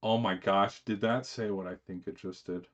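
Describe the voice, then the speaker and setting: A man with a very low voice talks casually on a live stream, rambling with fillers and restarts. The sound is dull and slightly muffled. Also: steady tone, moderate pace, fairly bright tone.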